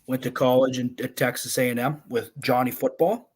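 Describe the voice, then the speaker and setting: A man co-hosting a sports podcast, calmly steering topics with folksy phrases. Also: mid-range voice, fairly quick, husky. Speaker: podcast co-host. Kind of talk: casual sports chat.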